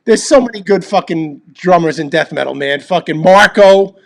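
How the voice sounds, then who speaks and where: Man, podcast host, high voice, gravelly fry, profane casual chat. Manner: profane, joking, quick to answer viewers. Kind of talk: casual chat reading live comments.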